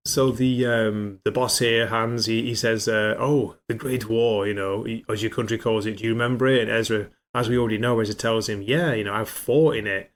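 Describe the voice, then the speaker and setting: A man's voice: fairly low pitch, fairly even intonation, brisk, few pauses. A man co-hosting a podcast, chatting casually about a comic book and sometimes doing voices for its characters. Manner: chatty, reads comic dialogue in put-on voices. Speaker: podcast co-host.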